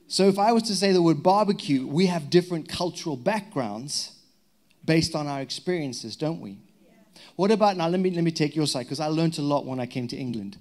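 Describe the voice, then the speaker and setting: A man from Zimbabwe with a Zimbabwean accent, a pastor giving a lively sermon with humorous stories. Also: on the high side, a little fast. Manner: lively, humorous storytelling with prayer. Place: church hall.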